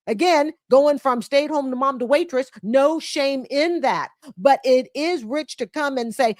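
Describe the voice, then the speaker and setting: A woman's voice: high voice, a little slow, few pauses, darkish tone, no echo, clean studio sound. A woman in her late fifties, a commentary host who reacts bluntly and scolds with a mocking edge. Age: 50s. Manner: blunt and scolding, mocks with put-on quotes. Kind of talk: commentary on a clip.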